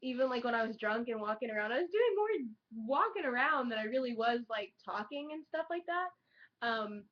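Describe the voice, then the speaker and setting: A bubbly young woman with a fairly high voice talks straight to her webcam, excitable and rambling, full of "like" and casual swearing. The audio is dull and lo-fi. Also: normal speed. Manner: chatty, excitable, heavy use of "like" and swearing. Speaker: vlogger. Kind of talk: casual chat to camera.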